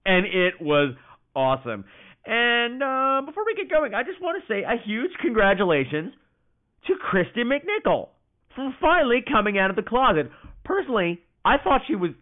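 High-voiced guy hosting a podcast, swoops all over, swears a lot while telling stories. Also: moderate pace. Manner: animated, profane storytelling. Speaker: podcast host. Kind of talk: casual comedic monologue. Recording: tinny phone-like sound.

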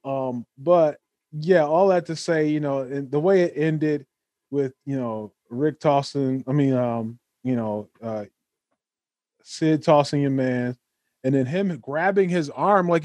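A man's voice: fairly high pitch, normal speed, darkish tone, no echo. Man, podcast host, rambles, fillers, dry close sound. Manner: rambling with many fillers, profane. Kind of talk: casual podcast chat.

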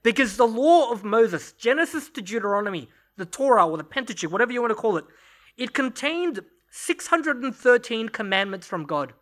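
Bright-voiced male pastor preaching. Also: very high-pitched, very animated, a little fast. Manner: conversational, storytelling with light laughs. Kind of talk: sermon. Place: church service.

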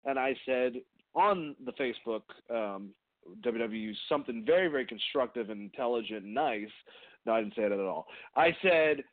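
A man hosting a casual podcast, animated and swearing freely. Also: mid-range voice, moderate pace, no room sound. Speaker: podcast host. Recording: tinny phone-like line, dry.

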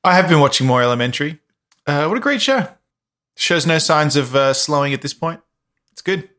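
A man with a bright, forceful voice chats casually as a co-host. He rambles through his stories with plenty of fillers and restarts. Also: fairly high pitch, animated, brisk. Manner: rambling, filler-heavy storytelling. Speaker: podcast co-host. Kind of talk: casual chat.

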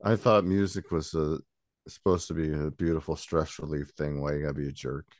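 A man's voice: rumbling low, fairly even intonation, fairly quick, darkish tone, no echo, clean studio sound. A man hosting a podcast, chatting in a laid-back, blunt way and swearing. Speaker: podcast host. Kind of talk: casual chat.

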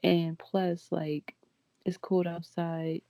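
A woman from Baltimore answers slowly and easily on a podcast, with a Baltimore accent. Her voice sits low and mellow, recorded dry and close. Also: flat delivery, no echo. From Baltimore, Maryland, United States. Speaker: podcast guest. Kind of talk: casual chat.

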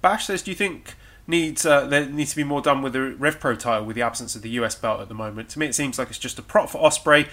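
Bright-voiced man co-hosting a podcast. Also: medium pitch, quick pace, few pauses. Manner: conversational, with some stammered restarts. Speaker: podcast co-host. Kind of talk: casual wrestling discussion, reading listener questions.

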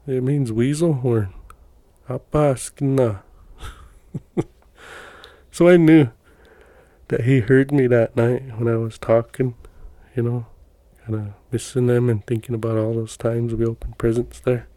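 Folksy man telling stories, warm voice. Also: medium pitch, fairly even intonation, measured pace, no echo. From Montana. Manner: rambling, folksy, many fillers and restarts. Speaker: podcast guest telling personal stories. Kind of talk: casual storytelling.

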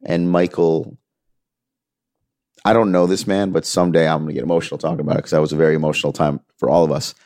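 A man's voice: extremely low pitch, steady tone, fast talker, a little mellow, no room sound, clean studio sound. A man in a candid interview, telling a story earnestly and acting out quoted dialogue. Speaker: music manager, interview guest.

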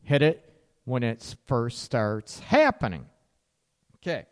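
A man hosting a relationship advice radio show, blunt and animated, with sarcastic asides and casual swearing. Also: mid-range voice, slow pace, long reverb tail.

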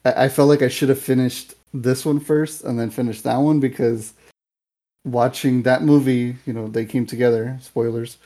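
A man's voice: mid-range voice, fairly even intonation, normal speed, mellow. A young man co-hosting a podcast, chatting casually about a movie in a rambling, filler-heavy way. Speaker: podcast co-host. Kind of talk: casual movie review chat.

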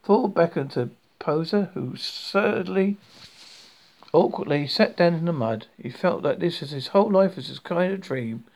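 Gravelly man reading aloud, stumbling often. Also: a little high, lively intonation, a little mellow. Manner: halting, with frequent restarts and stumbles on words. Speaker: audiobook reader. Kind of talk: reading a comic novel aloud.

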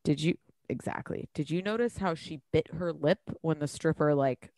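A woman co-hosting a podcast in casual chat, animated and profane, laughing often. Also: low-pitched, moderate pace, no echo, clean studio sound. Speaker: podcast co-host.

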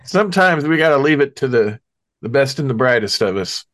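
A man's voice: mid-range voice, lively intonation, brisk, fairly bright tone, dry recording. A man co-hosting a casual podcast chat, making short, dry joking asides.

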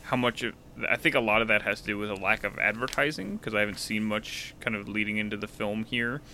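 A man's voice: fairly low pitch, fast, sharp tone, slight background noise. A man co-hosting a podcast in a casual film talk, thoughtful, with many restarts. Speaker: podcast co-host.

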